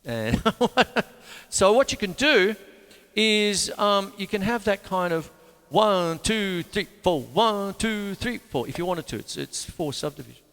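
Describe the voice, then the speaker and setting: Lively, bright-voiced man teaching drums. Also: high-pitched, takes it slowly, smooth, long reverb tail. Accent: Australian. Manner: animated, chatty, breaks into counting and scat sounds. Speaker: drum teacher and show host. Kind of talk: casual music lesson, counting beats aloud. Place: home room with a couch.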